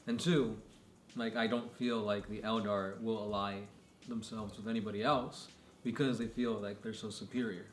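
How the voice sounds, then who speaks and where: A relaxed man co-hosting a casual chat, loose and unhurried. He is in a roomy, echoing space. A faint hiss sits behind his voice. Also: lowish voice. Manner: casual, laid-back, lots of "like" fillers. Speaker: podcast co-host. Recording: echoey room with faint noise.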